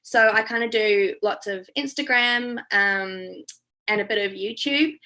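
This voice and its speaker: A woman's voice: medium pitch, a little slow, pushed and bright. A young woman from New Zealand with a slightly Australian-tinged accent, chatting casually over a video call with lots of ums. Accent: New Zealand, with some Australian. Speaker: veterinarian giving a talk.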